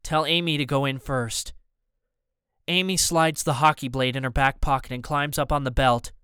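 Brief: male audiobook narrator, first person, tense and steady, smooth tone. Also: mid-range voice, normal speed, dry recording, clean studio sound.

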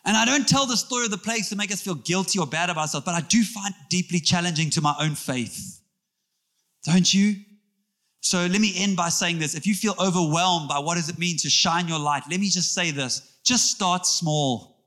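A man preaching a sermon in a church, animated and joking with the congregation. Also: high-pitched. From South Africa. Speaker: pastor.

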